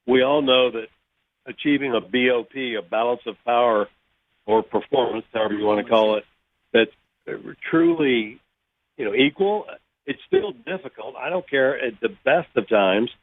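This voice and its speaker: A man chats as a guest, rambling and doubling back to rephrase his points. He comes through a thin, tinny phone line with a dry sound and a middling pitch. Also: dry recording. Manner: rambling, backs up and restarts thoughts. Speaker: guest, former racing driver. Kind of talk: casual chat on a call.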